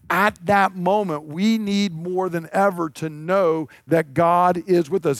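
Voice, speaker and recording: Male pastor mid-sermon: earnest, talky, a touch high-voiced, dry and close. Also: no echo. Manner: earnest, conversational preaching with rising emphasis.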